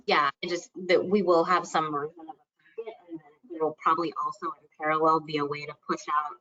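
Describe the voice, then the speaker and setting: A woman answers webinar questions, pushing her voice loud so she can be heard from far off the microphone. Her tone is bright and a little low-pitched. The video call makes her sound distant and dull. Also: fairly even intonation, quick pace. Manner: speaks extra loud to be heard. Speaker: campaign project manager.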